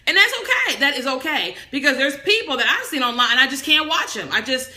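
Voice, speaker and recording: Bold, loud, animated woman coaching live. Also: high-pitched, fairly quick, reverberant. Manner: preachy motivational, talks on and on. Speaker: business coach livestream host. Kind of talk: casual live-stream teaching.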